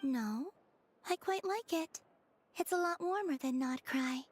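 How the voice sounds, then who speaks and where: An actress voicing a gentle, dreamy and naive young woman in a video game who speaks softly and innocently. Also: very high-pitched, expressive, a little slow, a little hiss or hum. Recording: game audio over music.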